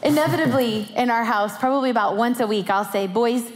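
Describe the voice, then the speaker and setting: A woman telling a family story as part of a sermon, lively and animated, acting out her children. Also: fairly high pitch, brisk, long reverb tail, a little hiss or hum. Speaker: pastor's wife and co-speaker.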